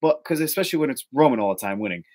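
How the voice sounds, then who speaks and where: A man's voice: medium pitch, expressive, rapid-fire, a little mellow. A man from Boston with a Boston accent, hosting a casual wrestling rumor podcast, rambling with lots of fillers and restarts. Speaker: podcast host.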